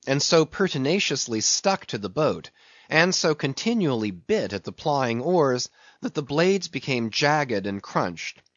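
A man's voice: medium pitch, a bit bright, no room sound, highs cut off. Man narrating an audiobook, dry sound. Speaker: audiobook reader. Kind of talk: scripted narration of a classic novel.

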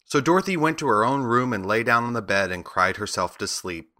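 A man narrating a children's story aloud in a steady, measured way. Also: medium pitch.

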